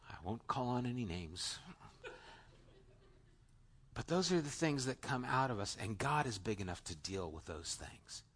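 A male pastor preaching an earnest, conversational sermon, talking straight to the congregation and swinging between emphatic lines and hushed asides. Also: mid-range voice, animated, a little slow, long pauses, breathy edge.

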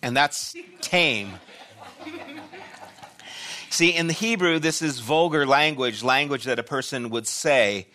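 An older man preaching a sermon as pastor, telling a personal story with loud bursts and quiet asides. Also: medium pitch, slow, pauses often.

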